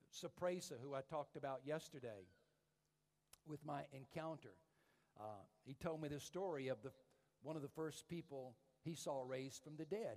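A man preaching a sermon and telling stories, swinging from hushed tones to loud, emphatic calls. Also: a little high. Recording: echoey hall reverb.

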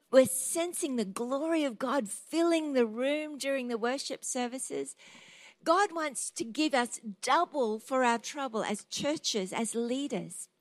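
A woman's voice: sits high, no echo. A woman preacher delivering a sermon, passionate and declarative as she urges her listeners to act.

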